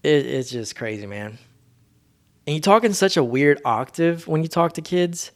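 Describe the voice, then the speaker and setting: A man's voice: a little high, animated, normal speed. A man hosting a solo podcast, talking in a rambling, laid-back, slangy way. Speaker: podcast host. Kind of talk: casual solo monologue.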